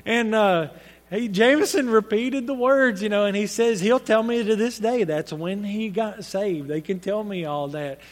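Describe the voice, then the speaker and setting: A man's voice: sits high, moderate pace, few pauses, big-room sound. A man preaching a sermon, speaking in an earnest, conversational storytelling way with frequent restarts.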